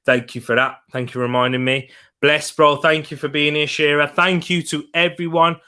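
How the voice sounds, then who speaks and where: A man's voice: a little high, little pitch movement, normal speed, pushed and bright, clear, resonant tone. A young man hosting a live football watch-along from a home setup, chatting upbeat with his viewers and laughing often.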